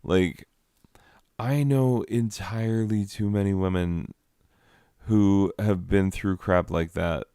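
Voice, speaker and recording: A man with a low, smooth voice talking slowly through a loose comedy commentary. He rambles and sounds exasperated, leaning on "like" over and over. The sound is close and dry. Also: fairly even intonation, warm tone, dry recording. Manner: rambling, exasperated, lots of "like" fillers. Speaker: comedy commentator reading slides.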